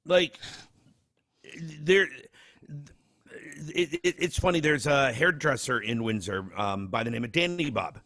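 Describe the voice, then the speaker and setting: A man's voice: medium pitch, a little slow, long pauses, no room sound, clean studio sound. A man co-hosting a casual podcast, telling self-mocking stories with lots of restarts. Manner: animated, self-mocking storyteller with many restarts. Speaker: podcast co-host. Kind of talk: casual chat.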